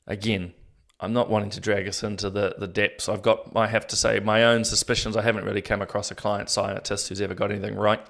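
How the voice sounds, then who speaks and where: A man's voice: fairly low pitch, little pitch movement, fast, vocal fry, fairly bright tone. A man hosting a casual solo commentary show, talking to viewers in a rambling, self-deprecating way with many fillers and restarts.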